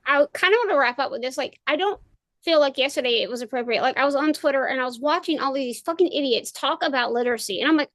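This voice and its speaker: High-voiced profane woman co-host ranting. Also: fast talker, fairly bright tone, no room sound. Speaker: podcast co-host. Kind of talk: casual chat.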